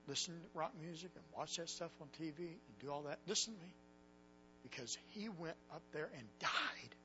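A man's voice: fairly high pitch, bright, forceful tone, muffled recording, slight background noise. A man preaching a sermon to young people, telling a story earnestly and with emotion. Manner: earnest and emotional, quoting others.

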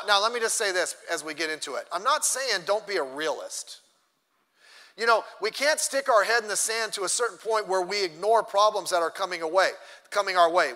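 A man preaching a sermon as pastor, emphatic, swinging between loud and soft. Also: high-pitched. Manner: emphatic preaching, rising and dropping in loudness. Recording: long hall reverb.

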